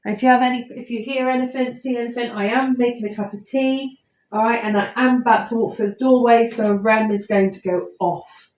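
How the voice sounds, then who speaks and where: A woman's voice: on the high side, fairly even intonation, brisk, a little mellow, highs cut off, a little hiss or hum. A woman, chatting casually and rambling with lots of ums while streaming live from a house at night on a phone. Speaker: paranormal investigator streaming live. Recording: roomy echoey house.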